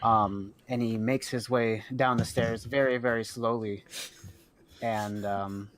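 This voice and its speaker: A man's voice: lowish voice, fairly even intonation, slow. Rambling male game master. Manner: rambling, many ums and uhs. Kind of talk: narrating a tabletop game.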